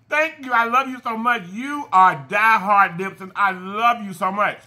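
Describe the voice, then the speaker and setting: Man, mukbang host, high voice, piercing bright tone, warm shout-outs, corrects himself on names. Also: lively intonation, normal speed. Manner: affectionate, giving shout-outs to fans. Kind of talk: casual chat to viewers while eating.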